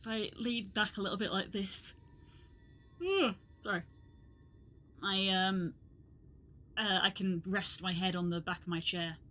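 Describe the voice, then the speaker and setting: Bright-voiced woman streamer chatting. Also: medium pitch, fairly even intonation, unhurried, pauses often. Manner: chatty, reacts aloud to the game and personal news. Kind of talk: casual live-stream chat.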